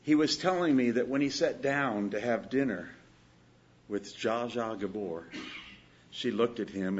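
Husky slow-talking preacher guy in a sermon, goes from loud pleading to quiet stories, kinda muffled recording. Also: lowish voice. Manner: pleading, swings from loud exhortation to quiet storytelling. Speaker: pastor.

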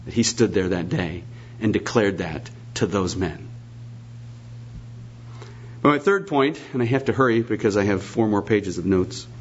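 A man's voice: on the low side, animated, moderate pace, long pauses, a little hiss or hum. A man preaching a sermon, emphatic and repetitive, posing rhetorical questions, in a dull lo-fi recording.

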